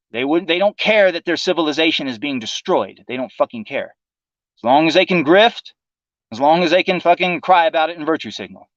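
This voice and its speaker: A man's voice: a little high, a bit bright, dry recording, muffled recording. A man hosting a livestream, delivering a profane, sarcastic political monologue in a casual ranting manner. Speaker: livestream host.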